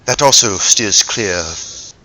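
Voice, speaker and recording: A man's voice: on the low side, lively intonation, slow pace, pushed and bright, low-quality recording. A man narrating as game master, rambling with many fillers and frequent laughter.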